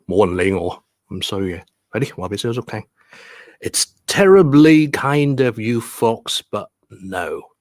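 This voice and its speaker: A man's voice: low voice, darkish tone, dry recording, clean studio sound. A man, teaching stress and rhyme through a bedtime story on a livestream, patient and step by step. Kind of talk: bilingual livestream lesson and bedtime story reading.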